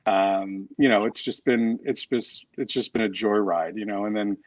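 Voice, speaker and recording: A man tells wry, self-deprecating stories, doubling back on his words as he goes. His voice sits low. The call sounds dull and dry, like a laptop mic in a small room. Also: fairly even intonation, normal speed, no echo. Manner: storytelling, self-deprecating, restarts often. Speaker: guest author and coach. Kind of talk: casual interview chat.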